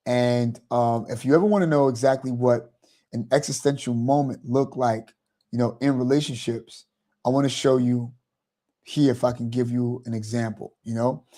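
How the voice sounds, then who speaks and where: A man's voice: mid-range voice, fairly even intonation, moderate pace, warm tone. A man hosting a motivational talk, rambling and repeating "you know" as he explains. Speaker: host.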